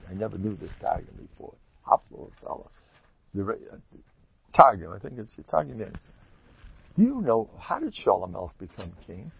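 A man teaching Torah in a loose, conversational way, his husky voice swinging widely in pitch as he presses his points. The recording is close and dry, with a dull, muffled sound. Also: dry recording. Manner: animated, jumps to high excited pitch for emphasis, laughs. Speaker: Hasidic teacher. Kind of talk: informal Torah talk.

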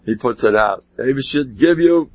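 A man giving an informal Torah talk, telling rambling stories with animated asides. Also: medium pitch, moderate pace. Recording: dull lo-fi sound.

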